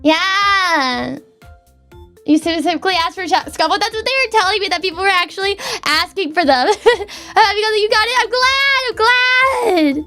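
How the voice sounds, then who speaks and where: High-voiced stammering woman streamer. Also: moderate pace, bright, forceful tone, soft background music. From Canada. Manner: stammering, repeats words, heartfelt. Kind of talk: casual chat. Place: home desk.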